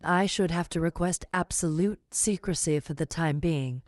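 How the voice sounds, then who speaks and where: An unctuous, scheming middle-aged gentleman, as a woman reading the audiobook puts him on, measured and persuasive in every word. His voice sits low, and the recording is close and dry with no room sound. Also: dry recording, lightly acted. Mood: smooth persuasive. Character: large smooth-talking scheming middle-aged man.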